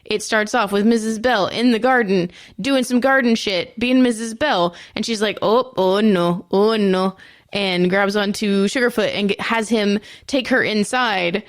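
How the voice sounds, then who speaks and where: A woman's voice: mid-range voice, normal speed, few pauses, no room sound, studio quality. A woman co-hosting a podcast, recapping a TV episode in a chatty, profane and self-mocking way. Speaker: podcast co-host.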